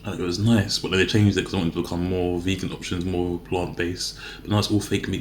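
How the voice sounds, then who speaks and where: A man's voice: sits low, little pitch movement, fairly quick, hardly any pauses, echoey room, slight background noise. A man vlogging in a casual, rambling way, often correcting himself mid-sentence as he talks to the camera. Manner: rambling, self-correcting, chatty. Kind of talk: casual talk to camera while eating.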